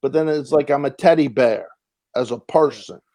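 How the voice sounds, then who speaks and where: A man's voice: mid-range voice, normal speed, mellow, no echo. A man guesting on an interview show, telling rambling stories with many fillers and restarts and acting out the voices of people he quotes. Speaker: actor and comedian guest. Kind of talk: casual interview storytelling.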